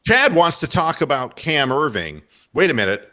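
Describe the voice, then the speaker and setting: Guy ranting about football on radio, swings his pitch all over, swears a lot. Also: normal speed. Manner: animated, rambling, swearing, breaks into mock voices. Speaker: radio talk host. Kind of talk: casual sports talk.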